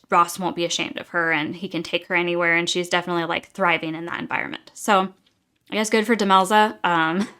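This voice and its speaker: A woman's voice: lowish voice, a bit bright. A young adult woman giving a casual, exasperated book review, talking chattily with many fillers.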